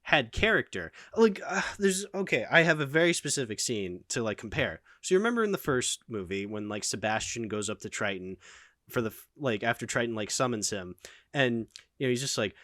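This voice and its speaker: Opinionated male host, animated delivery, dry mic sound. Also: medium pitch, fairly quick, no room sound. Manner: animated, opinionated, lots of fillers. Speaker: channel host. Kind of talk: casual film discussion.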